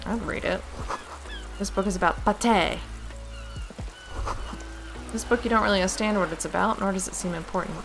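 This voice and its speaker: A woman's voice: medium pitch, moderate pace, creaky, long pauses, music in the background, low-quality recording. A woman streamer playing a game, reading its narration aloud with casual asides of her own.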